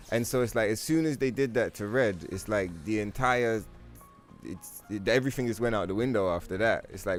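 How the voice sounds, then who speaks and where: A man livestreaming a game, talking to his chat in a rambling, profane, animated way. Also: lowish voice, brisk, faint music behind. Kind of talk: casual gaming stream chat.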